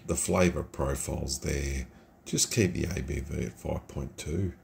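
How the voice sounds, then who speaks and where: Very deep gravelly-voiced man, slow and rambling. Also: darkish tone, slight background noise. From Australia. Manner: rambling, chatty and informal. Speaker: beer reviewer. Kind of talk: casual beer review vlog. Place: computer room at home, at night.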